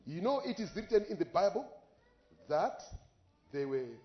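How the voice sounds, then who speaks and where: A man preaches in a fairly high voice, telling his story with passion and crying out on the exclamations. The recording is dull and lo-fi, and his words ring in a roomy echo. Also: sing-song, a little slow. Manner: impassioned storytelling, voice rising in exclamations. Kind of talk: sermon with live interpretation.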